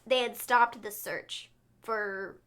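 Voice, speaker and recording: A woman co-hosting a show in casual chat, giggly and animated, often stopping and restarting her sentences. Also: a little high, takes it slowly. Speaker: co-host of a wrestling recap show.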